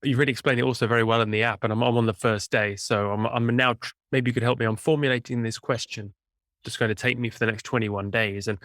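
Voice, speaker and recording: A man's voice: medium pitch, steady tone, fast talker, a bit bright, dry recording, clean studio sound. A man hosting a podcast interview, joking and then asking a long question full of restarts. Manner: joking, rambling question with self-corrections. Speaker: podcast host.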